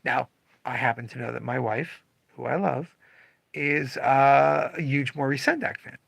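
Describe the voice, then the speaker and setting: Animated gravelly-voiced man. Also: medium pitch, a little slow, no room sound. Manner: animated, acts out customer voices. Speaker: comic shop owner. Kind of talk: casual livestream talk.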